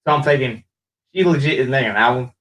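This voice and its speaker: A man's voice: mid-range voice, fast, poor audio. Rambling man recapping wrestling casually. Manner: rambling, animated storytelling with restarts. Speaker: show host.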